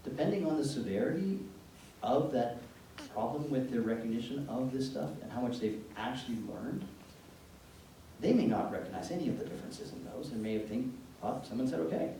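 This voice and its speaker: A man's voice: mid-range voice, fairly quick. Canadian man lecturing in an echoey hall. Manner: lively storyteller, acts out dialogue in changed voices. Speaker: psychologist giving a talk to parents. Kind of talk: informal lecture with acted-out anecdotes. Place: meeting room, large and echoey. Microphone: room mic from a distance. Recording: echoey room from a distance, faint noise.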